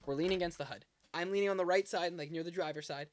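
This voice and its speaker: Young man telling a story, slightly high voice. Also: racing, dry recording, clean studio sound. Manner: animated, acts out both sides of a conversation. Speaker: podcast co-host. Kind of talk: casual storytelling.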